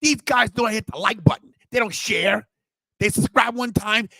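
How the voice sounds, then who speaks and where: A high-pitched man hosts a wrestling watch-party stream, booming mock outrage and swagger at his viewers. He talks close to the mic in a dry, deadened room. His delivery swings between showman bravado and scolding his chat. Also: normal speed, gravelly, pushed and bright, dry recording. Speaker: podcast host. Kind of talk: livestream watch-party rant.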